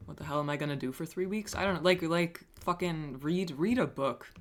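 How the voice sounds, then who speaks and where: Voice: medium pitch, a little fast. A streamer chatting casually on a live stream, reading chat messages aloud and answering them with wry, self-mocking humor and frequent swearing.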